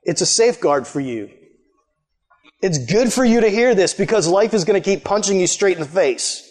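A man preaching a sermon in a casual, animated way, acting out the people he quotes. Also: high-pitched, normal speed.

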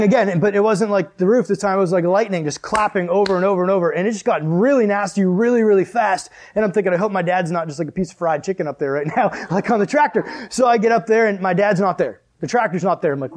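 A young man preaching to a youth group, telling a story with lively acted-out exclamations and then reading scripture. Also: sits high, fast, few pauses. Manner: animated storyteller, acts out dialogue with loud exclamations. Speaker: youth pastor.

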